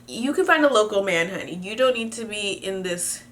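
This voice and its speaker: A woman's voice: medium pitch, animated, moderate pace, a bit bright. A young woman from Canada reading viewer emails aloud and giving blunt, sassy advice in a casual chat, swearing freely.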